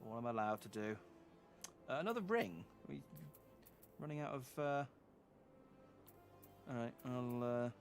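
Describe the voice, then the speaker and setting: A man's voice: medium pitch, expressive, unhurried, long pauses, soft background music. A man streaming a game, chatting casually and joking as he plays. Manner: joking, rambling. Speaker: VTuber streamer. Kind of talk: casual gameplay commentary.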